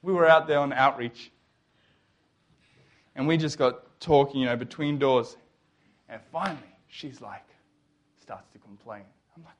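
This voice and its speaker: Animated high-voiced young man telling a testimony. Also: slow pace, long pauses. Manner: animated, jokey storytelling, acts out quotes. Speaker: speaker. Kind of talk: testimony talk to an audience.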